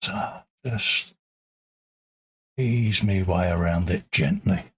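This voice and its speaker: A British man with a deep, low voice talks casually on a live stream. He drifts between friendly chat and quiet muttered asides while he works. The sound is close and dry, with no room around it. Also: slow pace, husky, no echo. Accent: British English. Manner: chatty, mumbling asides to himself while working. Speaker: livestream host painting models.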